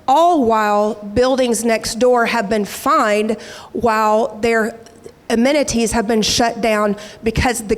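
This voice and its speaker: Woman, political candidate, combative, indignant, fairly high pitch, reverberant room. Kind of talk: campaign speech. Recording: hall reverb.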